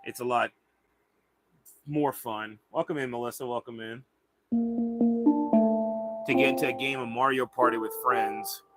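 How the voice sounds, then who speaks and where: A man's voice: medium pitch, steady tone, a little slow, long pauses, over loud music. A man hosting a livestream in casual chat, rambling and swearing freely. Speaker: livestream host.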